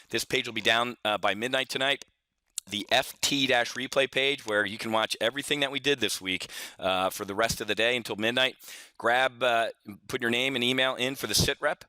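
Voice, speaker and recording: Talkative, opinionated man with a bright voice. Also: mid-range voice, no room sound. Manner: rambling, opinionated, folksy asides, frequent restarts. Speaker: options trading educator. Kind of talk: casual solo market update.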